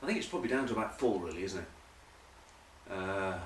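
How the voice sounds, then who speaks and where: A man's voice: deep voice, expressive, moderate pace, far from the mic. A man hosting a comic rugby news monologue, rambling with jokey asides. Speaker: host. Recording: echoey room, voice off-mic.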